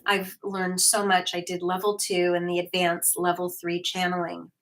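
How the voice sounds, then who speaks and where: A woman hosting her own livestream, talking casually and often pausing on fillers and restarts. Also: lowish voice, monotone, a bit bright. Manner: chatty, with frequent fillers and restarts; reads viewer comments aloud. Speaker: host, hypnotherapist.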